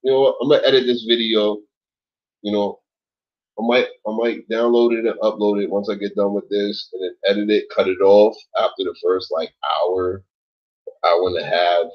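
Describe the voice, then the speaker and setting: Husky, laid-back man on a lo-fi stream. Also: lowish voice, fairly even intonation, moderate pace. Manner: laid-back, rambling, swears a lot, says like and yo often. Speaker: livestream host reading chat. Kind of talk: late-night casual livestream chat.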